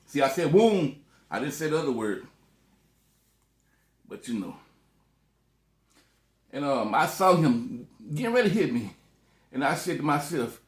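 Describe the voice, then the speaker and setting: A man's voice: mid-range voice, big pitch swings, unhurried, long pauses, reverberant. A man eating on camera in a casual vlog, talking loosely with lots of cussing and joking between bites. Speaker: food vlogger.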